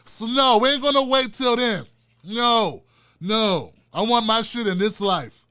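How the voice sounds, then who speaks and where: Unhurried yet sharp, with a clear, resonant and extremely high-pitched voice, an older male host rants about politics. His commentary is fiery and full of profanity, rolling along in the rhythm of a preacher.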